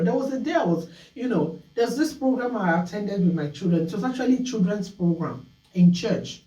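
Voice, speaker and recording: A woman hosting a call-in talk show, telling stories in an animated way and acting out scolding voices. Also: medium pitch, a little fast, reverberant, distant mic, rough recording.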